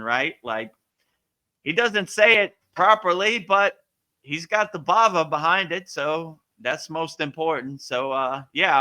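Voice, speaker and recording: Bright, forceful man giving casual spiritual advice. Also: fairly high pitch, clean tone. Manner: loose, rambling, full of "you know" and "like"; earnest and emphatic. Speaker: yoga teacher.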